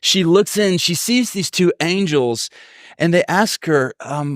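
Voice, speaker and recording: A man's voice: high-pitched, animated, unhurried, no room sound, studio quality. A man preaching a sermon as pastor, telling stories and acting out the voices of people he quotes. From Texas. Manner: storytelling, acts out quoted voices.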